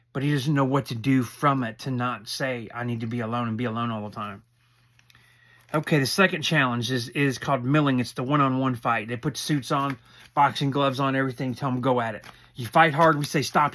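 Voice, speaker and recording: Man, middle-aged, casual recap commentary, rambling, opinionated, mid-pitched voice. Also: a bit bright. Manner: rambling and opinionated, acting out quotes.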